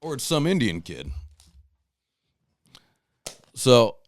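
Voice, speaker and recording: A man's voice: mid-range voice, sing-song, slow. A middle-aged man rambling through a story and talking to his followers, cursing and restarting his sentences. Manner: rambling, restarts, profane, laughs at himself. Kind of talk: casual storytelling monologue.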